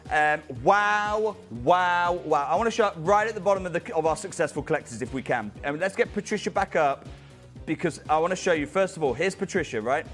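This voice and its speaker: A man's voice: sits high, expressive, fairly quick, a bit bright, faint music behind. A man presenting a live shopping channel sale, urgent and persuasive, calling out viewers by name. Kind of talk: fast live sales pitch. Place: TV studio.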